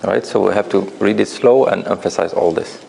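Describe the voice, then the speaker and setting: A man's voice: lowish voice, fairly quick, creaky. A man teaching a tajweed class, correcting students' recitation with patient explanations. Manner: gentle corrective explanations with light laughs.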